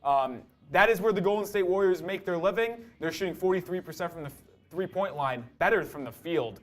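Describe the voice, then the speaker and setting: A man co-hosting a live sports stream, walking through halftime stats in excited, casual talk. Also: high voice, brisk. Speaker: co-host. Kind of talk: casual sports analysis chat.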